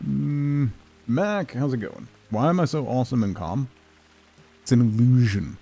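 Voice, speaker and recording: A male streamer chats casually while he builds in a game. His voice is mellow and slightly husky, and there is faint music playing behind him. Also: mid-range voice, expressive, unhurried. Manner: playful, teasing chat with viewers; soft cooing baby talk to a pet. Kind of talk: casual gameplay chat.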